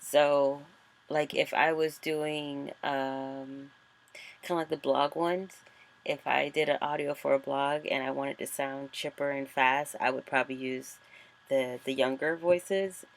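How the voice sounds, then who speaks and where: A woman's voice: extremely low pitch, fairly even intonation, unhurried. A woman author chatting casually and thinking aloud as she walks through a screen-recorded tutorial. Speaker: author and vlogger.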